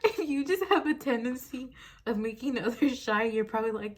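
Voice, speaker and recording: A woman's voice: fairly high pitch, moderate pace. Young woman in her twenties, casual tarot reader, giggly, rambling, filler-heavy, phone on a desk mount. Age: 20s.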